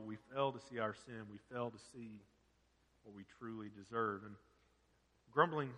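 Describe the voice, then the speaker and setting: A man's voice: mid-range voice, a bit bright, in a large hall. A man preaching a sermon as pastor, earnest and full of rhetorical questions.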